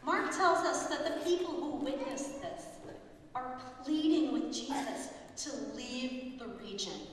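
A woman pastor with a high voice preaches a storytelling sermon and voices the people in her story with lively turns. She is heard from a distance in a large hall with a long, echoing reverb. A faint noise sits under her voice. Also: a little slow.

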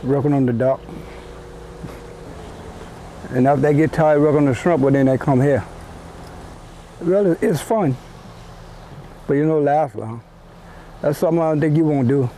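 A man's voice: a little high, normal speed, long pauses, mellow, poor audio. A man who works on the dock, speaking cheerfully in an interview. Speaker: dock worker. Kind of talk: casual interview. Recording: faint noise, off-mic.

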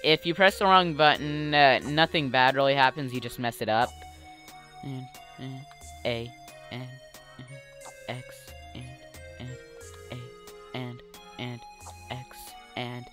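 A woman with a low voice gives casual commentary over a game. She stays chatty and playful, reading out button presses and reacting as she plays. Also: steady tone, slow, pauses often, fairly bright tone, faint music behind. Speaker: let's play commentator.

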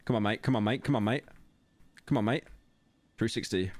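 A man's voice: mid-range voice, lively intonation, quick pace, dry recording. Young british guy streamer, sarcastic and sweary, dry mic. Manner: sarcastic, swears a lot, talks to chat. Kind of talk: casual gaming commentary.

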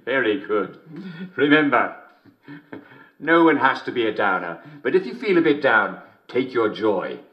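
A man's voice: medium pitch, sing-song, takes it slowly, long pauses, lo-fi sound. An actor playing a jovial, middle-aged English TV host who chuckles between lines with a smarmy showman delivery, in a scripted game broadcast. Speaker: TV and radio host.

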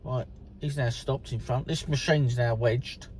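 An English man with a medium-pitched, darkish voice speaks in a steady tone at a measured pace. Working as a vlogger, he chats jokily to viewers from inside his car as it goes through an automated car wash, calling them "people" and "mate" in a casual, chatty way. The noisy car wash can be heard in the background.

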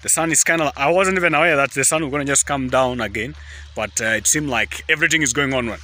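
A young man with an East African accent, chatting casually in a rambling vlog, often repeating "guys" and "just", filmed outdoors beside a highway on a handheld phone. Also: fast talker, pushed and bright. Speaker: vlogger.

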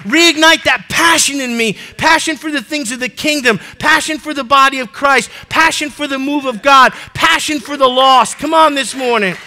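A middle-aged man preaching with fervor from the pulpit of a church, his voice pitched very high for a man. The tone is sharp and bright, and he pushes into shouted calls to action, then drops back to plain talk with his listeners. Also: normal speed, hardly any pauses. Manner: fervent preaching, bursts of shouted exhortation. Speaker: pastor. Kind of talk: sermon. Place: church sanctuary before a congregation.

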